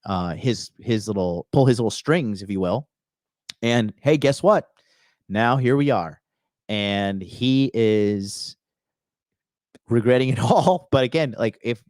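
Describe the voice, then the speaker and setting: A man's voice: on the low side, a little mellow, dry recording, clean studio sound. A man hosting a reaction commentary, talking bluntly and scolding, often repeating a phrase several times for emphasis. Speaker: host of a dating advice channel.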